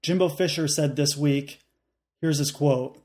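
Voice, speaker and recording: Man, sports podcast co-host, deadpan jokes, a bit high-pitched. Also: a little slow. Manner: jokey, deadpan riffs. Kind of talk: casual sports chat.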